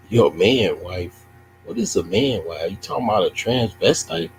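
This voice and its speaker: A man talks on a livestream in a mocking, taunting way. His voice sits low, and he takes his time over his questions. A faint hum runs under the recording. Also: expressive, unhurried, rough recording. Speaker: streamer. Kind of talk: casual livestream chat.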